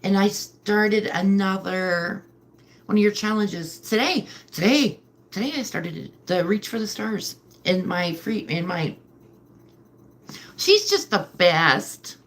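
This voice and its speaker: A woman's voice: medium pitch, lively intonation, slow, fairly bright tone. A woman hosting a casual livestream from home at night, rambling and chatty with lots of fillers. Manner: chatty, filler-heavy, emotional. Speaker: livestream host. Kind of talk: rambling live-stream chat.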